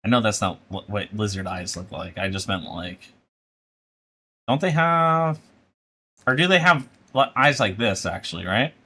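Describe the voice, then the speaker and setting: A man's voice: on the low side, lively intonation, a little slow, long pauses, bright, forceful tone, slightly rough. A man chatting casually on a live stream while he draws, rambling with lots of filler and laughter.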